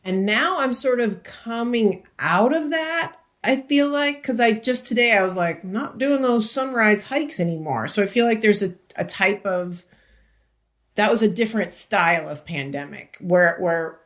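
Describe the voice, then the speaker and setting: A woman's voice: medium pitch, animated, a little slow. A woman actor and comedian, a podcast guest telling loose, rambling stories with restarts and the odd swear word. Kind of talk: casual podcast chat.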